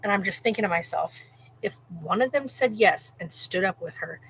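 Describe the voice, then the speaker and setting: A woman vlogger telling a story in a rambling, animated way, full of "like" and restarts, while cooking at home. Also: mid-range voice, moderate pace, gravelly, breathy edge, low-quality recording. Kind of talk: casual storytelling.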